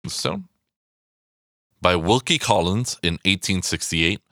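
A man in his thirties hosting a podcast, talking in an excitable, rambling way, swearing a lot and going off on asides. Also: low-pitched, moderate pace, no room sound, clean studio sound. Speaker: podcast host. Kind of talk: casual podcast monologue. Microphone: podcast microphone.

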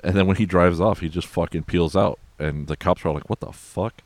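Man, extremely low voice, profane casual movie recap host, dry close mic. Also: steady tone, brisk, dry recording. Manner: rambling, profane, loose and conversational. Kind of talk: casual film recap chat.

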